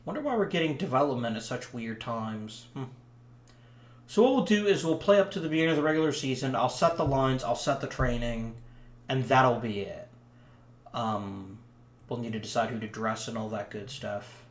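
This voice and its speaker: A man's voice: medium pitch, animated, moderate pace, reverberant. A man casually commenting on a hockey management game he is playing, rambling with frequent ums. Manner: chatty, rambling, lots of ums. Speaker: let's play commentator.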